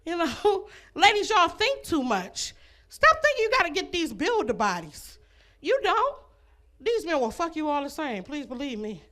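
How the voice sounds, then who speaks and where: A brash woman doing stand-up into a handheld mic on a club stage. Her voice sits high and bright, swinging widely up and down as she works the crowd, breaking into laughs at her own lines. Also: very animated, moderate pace. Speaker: stand-up comedian. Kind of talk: stand-up comedy set.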